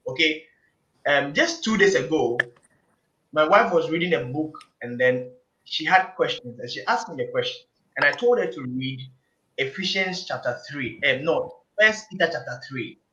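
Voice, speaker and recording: A man with a high, bright voice that rings out, preaching his points with insistent repetition. He is recorded in an echoey room, and the sound is dull and lo-fi. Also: animated, moderate pace, a little hiss or hum. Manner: emphatic, preachy, repeats phrases for emphasis. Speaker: panel guest. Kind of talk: casual group discussion.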